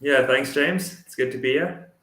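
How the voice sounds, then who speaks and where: A man's voice: medium pitch, normal speed, fairly bright tone. A Dutch-native man co-hosting a talk show, speaking English in an enthusiastic way and often repeating words as he thinks. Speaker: co-host. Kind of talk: casual chat. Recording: echoey room sound.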